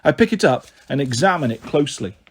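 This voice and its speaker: A man reading a children's book aloud in a lively, expressive storytelling manner. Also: on the high side, fast talker, breathy edge.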